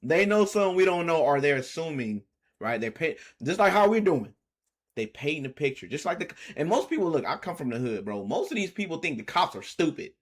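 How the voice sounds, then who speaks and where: A man's voice: on the high side, brisk, husky. A man reacting to news clips in casual streaming commentary, laughing as he goes. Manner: animated, laughing, trailing off quietly.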